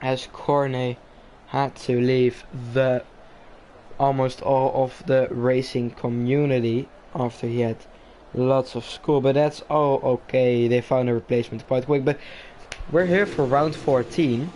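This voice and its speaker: A man doing casual live-stream commentary on a sim racing league, rambling with many fillers and pauses. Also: mid-range voice, fairly even intonation, dark tone, slight background noise.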